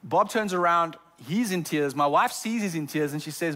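A man's voice: on the high side, normal speed, a bit bright. A man preaching a sermon as pastor in a church, often stumbling over repeated words as he talks. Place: church sanctuary.

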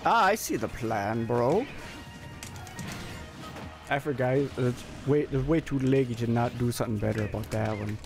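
A man with a raspy voice giving excitable, jokey live commentary as he plays, breaking into sudden yelps. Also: medium pitch, normal speed, long pauses, over music. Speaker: streamer.

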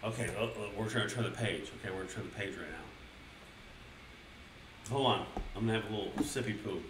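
Fast and fairly low-pitched, this streamer reads a kids' picture book aloud to chat, cursing often and weaving gamer slang into his crude, rambling commentary. The mic is distant, picking up room echo and background noise as he drifts away from it.

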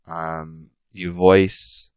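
A very low-pitched British man in his thirties, chatting casually as a podcast guest. He rambles and keeps restarting his sentences. The sound is dry and close, with no room echo. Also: level tone, drawn-out words, darkish tone, clean tone. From Britain. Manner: rambling, frequent restarts and self-corrections. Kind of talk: casual interview chat.

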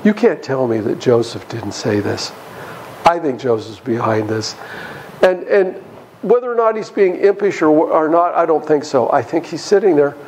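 A man's voice: fairly high pitch, normal speed, a little hiss or hum, rough recording. A man teaching a church Bible study, talking straight to his listeners and acting out the people in the story. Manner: animated, addresses listeners directly, acts out biblical characters.

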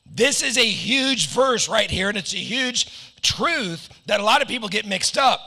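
A middle-aged American pastor delivers a sermon in a high, gravelly voice, slipping into playful joking asides. His tone is very bright and cutting, and it rings with long reverb off a hall. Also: expressive, unhurried.

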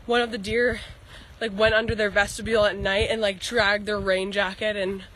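A woman's voice: medium pitch, little pitch movement, moderate pace, a bit bright. A young woman with a congested nose and scratchy throat, chatting casually on a hiking vlog, rambling with lots of fillers. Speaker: long-distance hiker vlogger. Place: outdoors on a hiking trail.

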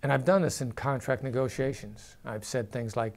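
A former negotiator, a man, explaining negotiation to camera in a measured way, sometimes lowering his voice to show a firm tone. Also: fairly even intonation. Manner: measured, drops pitch and volume to demonstrate firm downward inflection.

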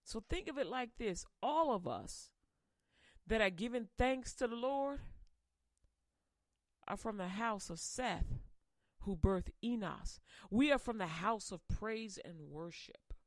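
Woman preaching on the radio, slow and deliberate, gets loud then drops quiet, dry close sound. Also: on the high side, lively intonation, dry recording. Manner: impassioned, swinging between loud emphasis and quiet asides. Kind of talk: sermon.

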